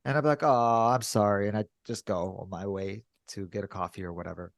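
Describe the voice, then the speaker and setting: A man co-hosting a podcast, telling stories in candid casual chat and acting out cheerful greetings in a higher voice. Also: a little fast, creaky, dry recording, studio quality. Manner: animated storyteller, mimics cheerful greetings in a higher voice. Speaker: podcast co-host.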